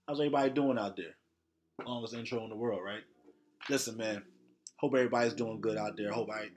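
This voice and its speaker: A man's voice: lowish voice, a bit bright. A man hosting a solo podcast, lecturing his listeners in a blunt, heavily profane rant. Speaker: podcast host.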